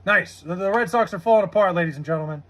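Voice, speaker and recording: A man's voice: sits high, quick pace, a bit bright. A man live streaming, chatting casually, reading chat aloud and swearing in frustration over a baseball game. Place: home room with TV.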